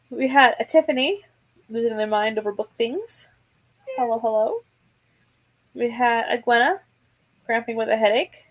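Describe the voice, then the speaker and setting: Woman, livestream host, casual chat, playful, slightly husky, unhurried. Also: a little high, lively intonation, a little mellow, low-quality recording. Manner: chatty, reads chat comments aloud, playful and dramatic.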